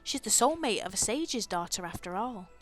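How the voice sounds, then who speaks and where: A woman's voice: mid-range voice, animated, normal speed, faint music behind, natural voice. A woman voicing a cheeky, slangy little male fairy sidekick in a video game, with a brash, blunt manner. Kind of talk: reading game dialogue in voices.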